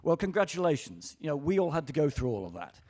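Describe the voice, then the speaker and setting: A man's voice: a little high, very animated, quick pace, darkish tone. An older British man ranting bluntly and profanely on a conference panel stage.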